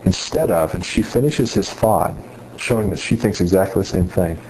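A man's voice: sits low, animated, normal speed, a little mellow, a little hiss or hum, rough recording. A man giving an earnest sermon-style talk to students, retelling a story with many restarts. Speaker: speaker addressing students on faith.

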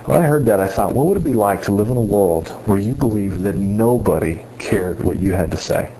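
A man's voice: fairly low pitch, animated, fairly quick, mellow, rough recording. A man giving an earnest sermon-style talk to students, retelling a story with many restarts. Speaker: speaker addressing students on faith.

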